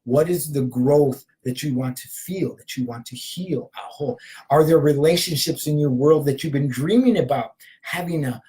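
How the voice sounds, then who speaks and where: A man in his fifties, a shamanic healer, giving a spiritual motivational talk. He repeats searching questions and punctuates them with a soft "aho", sometimes dropping to a whisper and at other times rising into passionate, emphatic affirmations. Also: mid-range voice, rough recording. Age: 50s.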